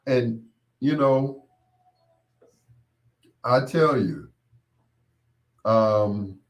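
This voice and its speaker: A man hosting his own show, telling rambling casual stories with laughs and quick mimicked voices of others. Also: medium pitch, dull audio. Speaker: podcast host. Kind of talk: casual storytelling monologue.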